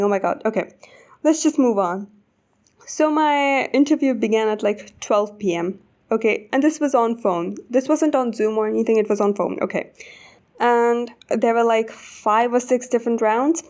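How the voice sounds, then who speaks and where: A woman with an Indian accent telling a casual storytime, animated and swearing often. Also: a little high, moderate pace. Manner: animated, swears often, rising to indignant outbursts. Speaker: vlogger.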